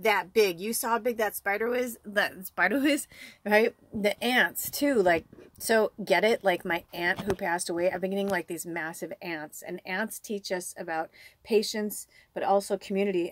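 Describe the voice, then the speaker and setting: A woman working as a psychic medium gives a casual spiritual card reading to her viewers. She rambles in a heartfelt way, filling her talk with "like" and "you know" and swearing now and then. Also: on the low side.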